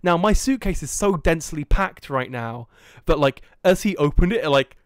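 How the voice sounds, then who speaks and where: Animated young man telling a story. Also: on the high side, normal speed, clear, resonant tone, no echo, clean studio sound. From England. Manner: animated, acts out quoted dialogue. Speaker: podcast host. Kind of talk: casual storytelling chat.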